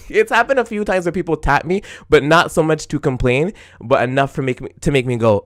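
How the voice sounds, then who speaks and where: A man in his twenties hosting a solo podcast, talking casually in an animated, exclamatory way, laughing often and acting out his own retorts. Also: a little high, moderate pace. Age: 20s. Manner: acts out his own retorts in quoted asides. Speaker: podcast host.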